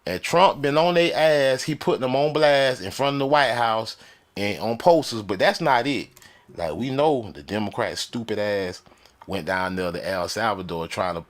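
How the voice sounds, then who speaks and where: A man delivering a loud, profane, mocking comedic rant on a desk mic with a soundboard. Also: on the low side, moderate pace. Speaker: comedic commentator.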